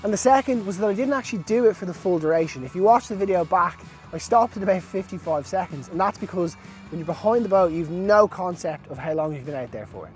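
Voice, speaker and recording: A man's voice: sits high, expressive, quick pace, soft background music. A man vlogging outdoors by a boat, chatting to camera in an upbeat, self-amused way. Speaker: wakeboarding vlogger. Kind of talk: casual chat to camera.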